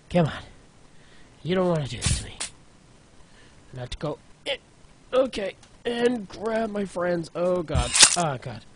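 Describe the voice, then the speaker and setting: A man's voice: a little high, very noisy. A man giving frustrated, exclamatory commentary while playing a video game. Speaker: gaming YouTuber. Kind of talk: let's play commentary.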